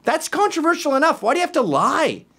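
A man hosting opinion commentary, ranting in an animated, sarcastic way. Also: extremely high pitch, quick pace. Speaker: host.

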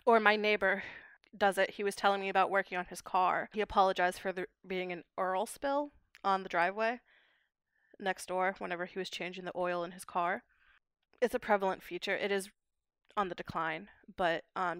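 A young adult woman, a guest linguist, explaining dialect features in measured, academic podcast talk. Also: mid-range voice, fairly bright tone, clean tone, no room sound.

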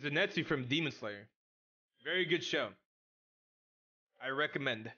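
Excitable young male streamer, lively and bright. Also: on the high side, a little slow, breathy edge, dull audio. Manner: excitable, slangy, talks straight to chat. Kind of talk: casual live-stream chat while gaming.

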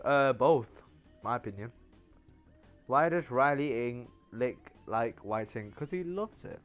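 A man giving excitable live commentary on his game stream, yelling and laughing as he teases other players. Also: medium pitch, highs cut off.

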